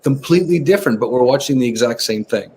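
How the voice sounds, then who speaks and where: A man's voice: mid-range voice, fast, slight background noise. A man guesting on a podcast, explaining his ideas casually and acting out little examples as he goes. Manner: explains with animated acted-out examples. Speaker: guest author on nervous system training. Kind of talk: conversational podcast interview.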